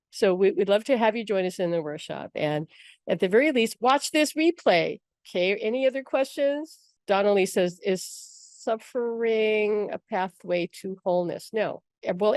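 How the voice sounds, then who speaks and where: A woman spiritual teacher talking casually through a workshop session, telling stories with frequent laughs and quick asides. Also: lowish voice, darkish tone, no room sound, studio quality. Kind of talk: casual storytelling talk with viewer questions.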